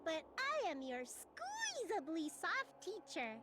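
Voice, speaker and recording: A man voicing a tiny, cutesy female rabbit-like plush teacher in a squeaky voice while reading game dialogue aloud. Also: wildly swooping pitch, slow pace, heavy background noise, exaggerated voice. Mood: chirpy.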